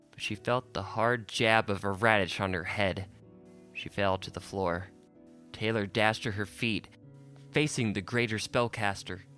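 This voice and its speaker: A man narrating an audiobook in a measured, unhurried storytelling manner. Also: fairly low pitch, fairly bright tone.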